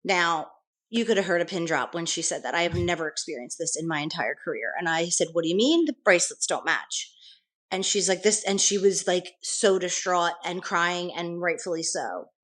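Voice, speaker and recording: A woman's voice: fairly low pitch, moderate pace, a bit bright. A middle-aged woman, a nurse interviewed as a guest, telling her account in earnest detail with frequent restarts. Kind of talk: conversational interview storytelling.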